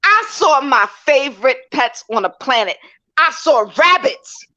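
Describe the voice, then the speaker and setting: A woman with a high, bright voice tells a personal story in a casual chat and acts out her reactions as she goes. She is from New York, and the audio sounds dull and lo-fi. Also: lively intonation, unhurried. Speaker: guest.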